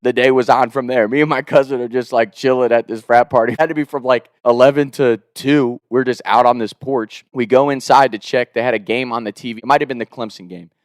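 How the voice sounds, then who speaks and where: A man's voice: fairly even intonation, brisk, hardly any pauses, no room sound, clean studio sound. A young man casually telling a story, laughing often, swearing freely and acting out the people he quotes. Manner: acts out quoted people with shifts in pitch and loudness.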